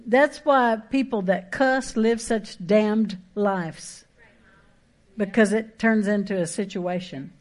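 A woman pastor, preaching a sermon in a folksy, emphatic way with quick asides and rising exhortations. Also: mid-range voice.

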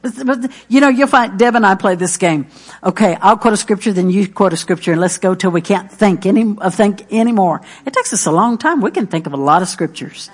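A woman's voice: medium pitch, animated, brisk, breathy edge. A middle-aged woman preaching a sermon, earnest and emphatic, repeating her key phrases.

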